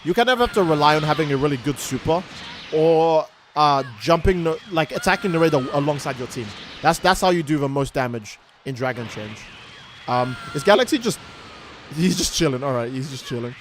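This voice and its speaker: A man's voice: fairly high pitch, fairly quick, a little hiss or hum. A man streaming a game, ranting and swearing in casual commentary while answering chat. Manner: profane, ranting, animated.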